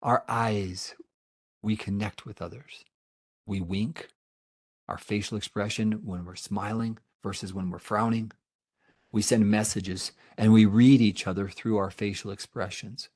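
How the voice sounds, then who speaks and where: Middle-aged male therapist presenting a webinar, earnest and emphatic, lowish voice. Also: steady tone, a little slow, darkish tone. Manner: answers audience questions.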